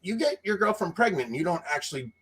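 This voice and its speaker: A man in his thirties tells a story in relaxed chat, his husky voice swooping up and down with energy. He is slightly high-pitched and acts out each quoted line. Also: quick pace. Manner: animated, laughing, acts out quotes. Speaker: podcast co-host telling a story.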